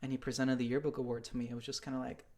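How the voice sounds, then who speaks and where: A young man hosting a casual podcast chat, recalling a story in an earnest, rapid flow. His pitch is ordinary middle, and he leans on "like" as he goes. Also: flat delivery, a little mellow. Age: young adult. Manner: quick, earnest, with "like" fillers. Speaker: host.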